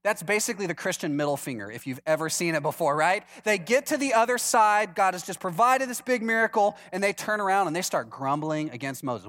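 A man's voice: high voice, a little fast, hardly any pauses. A male pastor preaching a sermon with humor, acting out the people in the story in different voices. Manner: lively, acts out quoted voices for humor.

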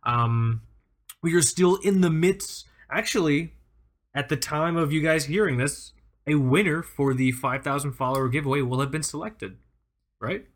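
A man co-hosting a podcast in a loose, chatty way, with a slightly high voice. He talks with energy, jokes around and laughs often. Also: moderate pace. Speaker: podcast co-host. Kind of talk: casual podcast chat.

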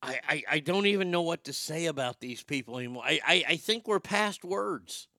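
A man's voice: a little high, expressive, a little fast, gravelly, pushed and bright, no room sound, clean studio sound. A man hosting a vlog, ranting in a crude, opinionated monologue and stammering over his words. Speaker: vlog host.

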